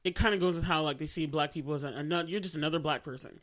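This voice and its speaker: A woman co-hosting a casual podcast chat, animated and laughing often as she talks about a show. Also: low voice, racing. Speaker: podcast co-host.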